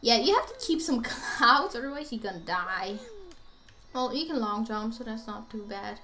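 High, lively young woman gaming. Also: normal speed. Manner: chatty, rambling, bursts into squeals and laughs. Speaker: let's play gamer. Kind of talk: casual gameplay commentary. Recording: faint game music behind.

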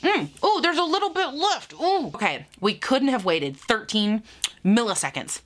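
A young woman chats through her makeup routine in an easy, giggly way. Her voice is bright and forward, and she talks to the camera as if to friends, often teasing herself. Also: a little high, sing-song, moderate pace. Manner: chatty, giggly, self-mocking, talks to viewers directly. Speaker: beauty vlogger. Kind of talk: casual get-ready-with-me chat.

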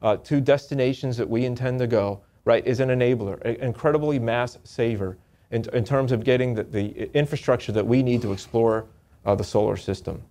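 A man giving a technical presentation to an audience, often restarting and repeating words in a halting, upbeat way. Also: mid-range voice, mellow.

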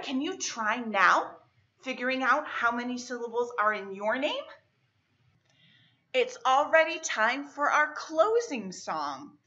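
A woman librarian leading a children's storytime lesson, speaking in a cheerful sing-song teacher voice and slowly drawing out words as she claps their syllables. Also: a little high, sharp tone, muffled recording. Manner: slow, exaggerated clapping of syllables.

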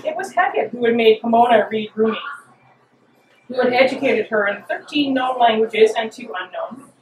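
A woman's voice: a little high, normal speed, a little mellow, recorded from a distance, a little hiss or hum. Woman reading fiction aloud in an echoey hall. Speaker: author. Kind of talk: reading her fiction aloud at a live event. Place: reading venue. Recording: roomy hall, mic from afar.

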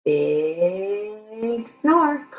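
A woman librarian reading a picture book aloud to young children in an animated, playful way. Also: mid-range voice, drawn-out words, narrow, tinny audio.

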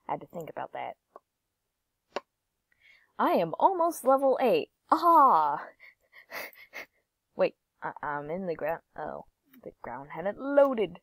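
A woman's voice: high-pitched, very animated, slow, long pauses, no room sound. A young woman giving giggly, playful gameplay commentary, sometimes singing or whispering. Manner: giggly, playful, drifts into sing-song and whispers. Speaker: gaming YouTuber.

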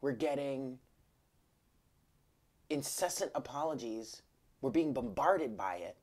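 A woman's voice: deep voice, wildly swooping pitch, takes it slowly, vocal fry, a little mellow. A woman giving a casual spiritual tarot reading, talking frankly and emphatically, swearing freely and dropping into whispered asides. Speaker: tarot reader.

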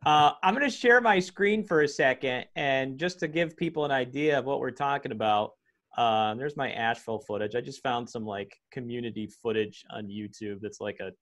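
A man in his thirties hosting a casual interview over a video call, chatty and quick to laugh. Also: mid-range voice, a bit bright. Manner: chatty, laughs easily, rambling asides. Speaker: podcast host and teacher.

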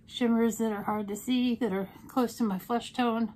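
Chatty woman with a higher voice. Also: steady tone, moderate pace, a little mellow, slight background noise. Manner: chatty and playful, with jokey asides. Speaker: beauty vlogger. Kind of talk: casual makeup tutorial chat.

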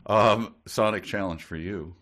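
Sarcastic low-voiced man riffing on a book. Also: a little slow, fairly bright tone. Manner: wry, sarcastic, reads passages in silly put-on voices. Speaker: podcast co-host. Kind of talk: casual chat, reading aloud and mocking a book.

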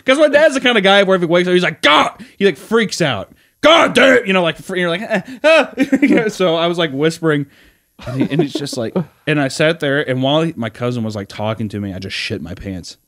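A young man on a podcast, telling a long story in a rambling, animated way, full of fillers and laughing as he acts out the other people in it. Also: a little high, quick pace, dry recording, clean studio sound. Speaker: podcast co-host. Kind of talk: casual storytelling chat.

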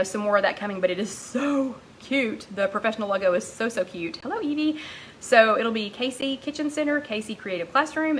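A woman hosting a casual live-stream chat, rambling warmly along and greeting viewers by name, a little out of breath. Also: medium pitch, slight background noise, rough recording. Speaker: host of a live weight-loss chat.

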